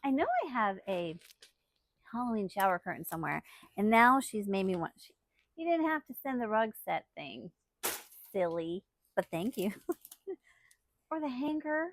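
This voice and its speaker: A woman hosting a casual unboxing vlog, chatty and excitable, laughing often as she talks. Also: mid-range voice, moderate pace, pauses often. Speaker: channel host.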